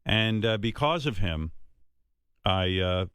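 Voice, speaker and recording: A man's voice: fairly low pitch, lively intonation, takes it slowly, fairly bright tone, smooth, dry recording, studio quality. A man in his sixties hosting a radio talk show, speaking earnestly and heartfelt, rambling with many restarts.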